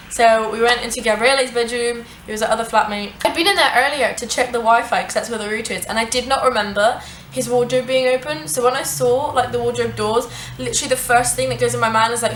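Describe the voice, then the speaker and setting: A woman's voice: fairly high pitch, a little fast. A young woman with a raised voice tells a dramatic story for her vlog, swearing freely and stringing it together with "like". Her voice rings back off the walls of an echoey room, and faint noise sits underneath. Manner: animated, sweary, lots of "like" fillers. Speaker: vlogger. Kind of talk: casual storytime narration.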